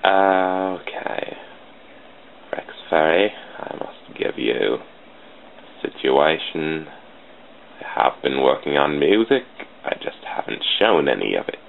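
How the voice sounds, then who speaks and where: A man giving casual commentary while he draws sprites, in a put-on deep, mock-formal voice. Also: animated, takes it slowly, gravelly, pauses often. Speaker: channel host drawing sprites. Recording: tinny phone-like lo-fi with faint hiss.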